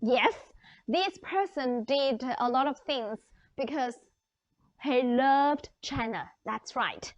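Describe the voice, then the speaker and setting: A woman's voice: high voice, lively intonation, slow, dry recording. A woman English teacher leading a lesson, upbeat and encouraging as she asks the class questions. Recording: dry, dull lo-fi sound.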